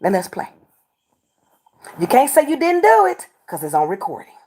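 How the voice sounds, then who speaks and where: With a high voice that swoops wildly in pitch, a bit mellow with a breathy edge, a woman doing readings on a livestream scolds her chat combatively. She speaks at normal speed and repeats herself to drive points home.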